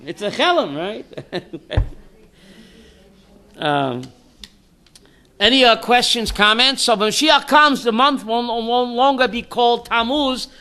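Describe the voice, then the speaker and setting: Rabbi leading a class. Man, high and bright, animated storyteller who acts out his jokes. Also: slow pace, long pauses, clear, resonant tone. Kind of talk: informal Torah class with jokes.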